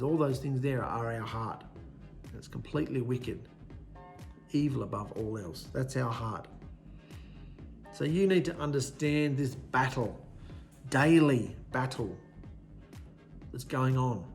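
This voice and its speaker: A man's voice: medium pitch, measured pace, gravelly, pauses often, a little mellow, faint music behind. A man preaching a sermon with emphasis, often in short, punchy lists.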